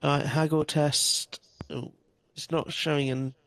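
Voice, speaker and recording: A man's voice: fairly high pitch, flat delivery, takes it slowly, a bit bright, no room sound. Chill guy player in a tabletop game, chatty, super dry mic.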